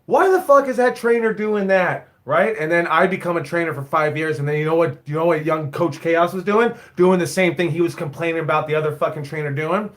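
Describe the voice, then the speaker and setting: His fairly high, fairly bright voice moves quickly with few pauses and fairly even intonation. The speaker, a wrestling coach in his forties who owns his school, rambles bluntly and swears freely while storytelling on a casual live stream.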